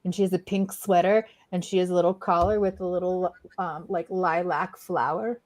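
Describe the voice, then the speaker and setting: A woman in casual chat, bubbly and animated, often slipping into playful voices for her pets. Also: lowish voice, normal speed. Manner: bubbly, playfully acts out pets' thoughts in voices. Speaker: co-host of a pet healing livestream.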